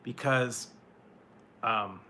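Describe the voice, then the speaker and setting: A man talks casually with his viewers as a food reviewer. He rambles and stops to restart, with lots of fillers and quick laughs. His voice has a bright, forward edge, and the pitch sits at an ordinary middle. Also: a little hiss or hum. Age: adult, once married. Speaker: food reviewer answering chat. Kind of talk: casual live-stream chat.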